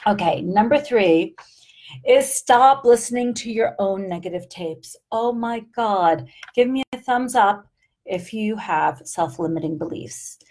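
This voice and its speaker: A woman's voice: mid-range voice, a little mellow. Middle-aged woman coach talking live, upbeat and punchy, keeps asking right? okay?. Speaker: life coach. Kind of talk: live-streamed motivational talk.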